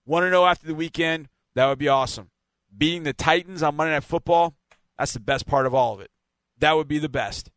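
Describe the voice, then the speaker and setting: A man's voice: a little high, fairly quick, fairly bright tone, dry recording. A man hosting a team podcast, wrapping up in a chatty, rambling way with laughs. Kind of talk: casual radio-style sign-off.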